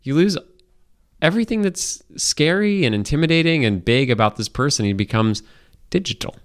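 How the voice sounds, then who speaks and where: A man's voice: on the high side, lively intonation, normal speed, smooth. A young man co-hosting a comedy podcast, bantering playfully about a movie. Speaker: podcast co-host. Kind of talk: casual comedic movie chat.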